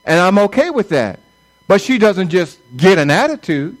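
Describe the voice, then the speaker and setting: A man's voice: high-pitched, big pitch swings, moderate pace, low-quality recording. A middle-aged man, a pastor, preaching a conversational sermon and acting out quoted voices.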